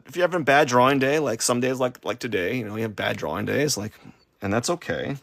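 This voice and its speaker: A man streams himself drawing live, rambling and cracking self-deprecating jokes about his sketches, complete with silly sound effects. His voice is medium-pitched, fast and creaky, with a fairly bright tone and no echo.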